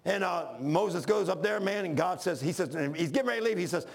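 Man preaching a shouted, folksy sermon; high, raspy-edged voice. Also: animated, brisk. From Washington, D.C. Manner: fervent, often shouting; folksy, says "man" a lot.

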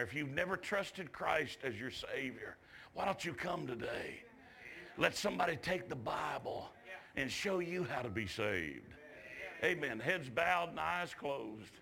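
A gravelly, bright-toned male preacher with a drawl tells a revival story in church. His voice sits a touch high and climbs to shouts at the peaks. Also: a little hiss or hum. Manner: shouts climaxes, drawls folksy asides.

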